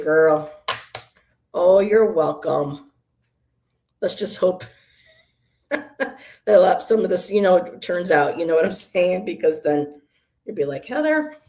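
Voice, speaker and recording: Doing card readings in her apartment room, a tarot reader hosts a casual livestream, rambling, laughing often, and chatting with viewers by name. She has a deep voice with a dark tone.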